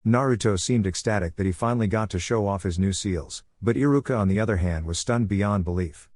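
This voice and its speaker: A man reading a fan fiction story aloud in an even, steady way. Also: lowish voice, brisk, few pauses, no echo. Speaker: story narrator. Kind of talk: scripted narration of fan fiction.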